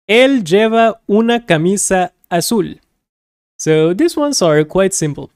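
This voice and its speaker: A woman teaching a beginner Spanish lesson, repeating each word slowly and carefully, with light laughs as she explains. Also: mid-range voice, a little mellow, dry recording, studio quality. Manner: slow, careful repetition of words.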